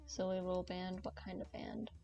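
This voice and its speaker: A woman's voice: on the low side, flat delivery, normal speed, creaky, mellow, soft background music. A young woman streaming a game, chatting in a playful, rambling, joking way to her viewers. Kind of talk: casual gaming stream chat. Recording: dull lo-fi stream audio.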